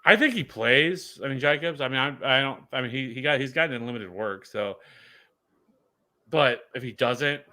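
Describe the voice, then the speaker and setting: Chatty, bright-voiced male podcast co-host. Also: mid-range voice, lively intonation, moderate pace. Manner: rambling, many restarts and fillers. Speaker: fantasy football co-host. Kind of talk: casual podcast chat.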